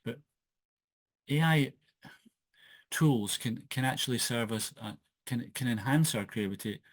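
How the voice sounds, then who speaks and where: A man's voice: medium pitch, unhurried, no echo. A Scottish man, an author hosting his own channel, talking casually and hesitantly with many fillers and restarts, recorded on a laptop microphone in his home office. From Scotland. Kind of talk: casual solo podcast talk. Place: home office with wooden desk. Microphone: laptop built-in microphone.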